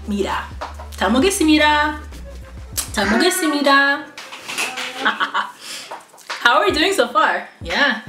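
An American woman vlogger chats casually, practicing phrases aloud in a playful, self-mocking way and laughing often. Her voice sits on the high side, pushed and bright, in a roomy space with background music.

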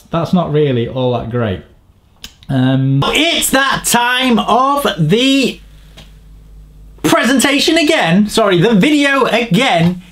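A man reviewing a bike frame in a crude, rambling, sardonic way, swearing freely and shifting between mumbled asides and louder rants. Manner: swearing, rambling, sardonic, pitch jumps up when ranting. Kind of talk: crude comedic tech review.

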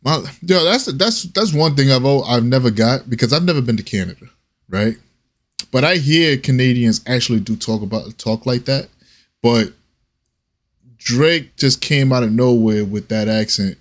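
A man's voice: medium pitch, lively intonation, moderate pace. A man hosting a reaction video, talking in a casual, rambling way with lots of slang, swearing and stammered restarts.

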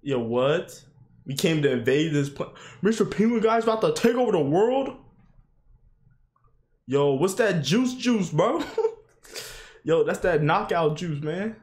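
Excitable young man reacting loudly. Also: measured pace, pauses often. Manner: excitable, swearing, frequent "yo" and "bro" exclamations; bursts into laughter and high yelps. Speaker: anime reaction streamer. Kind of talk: casual reaction commentary.

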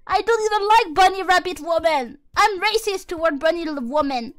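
A woman's voice: extremely high pitch, expressive, moderate pace, a bit bright, soft background music. A woman streaming as a VTuber, chatting casually with viewers in a giggly, exuberant and playfully crude way. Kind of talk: casual livestream chat with viewers.

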